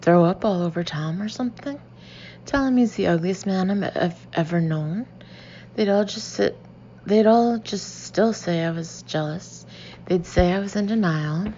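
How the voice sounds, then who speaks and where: A woman reading a first-person novel as an audiobook, expressive and slipping into breathy whispered asides. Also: mid-range voice, unhurried, highs cut off, a little hiss or hum. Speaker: audiobook reader.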